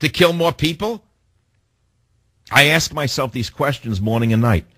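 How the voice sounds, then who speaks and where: A man's voice: medium pitch, measured pace, sharp tone, slightly rough, dry recording. A man hosting a political talk radio show, combative and sarcastic, firing off rhetorical questions.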